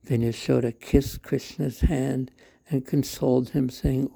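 A man narrating a devotional story in a slow, measured, devout manner. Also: mid-range voice, little pitch movement, creaky, warm tone.

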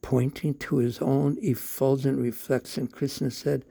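A man narrating a devotional story in a slow, measured, devout manner. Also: medium pitch, flat delivery, creaky, dark tone, husky.

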